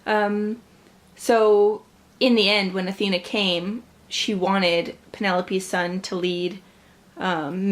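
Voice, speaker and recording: Young woman rambling about a book on her vlog, super casual, says like a lot. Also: mid-range voice. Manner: chatty, gushing, peppered with "like" and casual swearing. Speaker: book vlogger. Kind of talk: casual chat.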